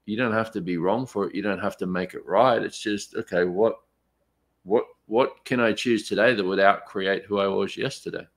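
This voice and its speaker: Easygoing man with a low voice. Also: fairly even intonation, normal speed. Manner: reflective, easygoing, agreeable. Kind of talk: casual chat on a live stream.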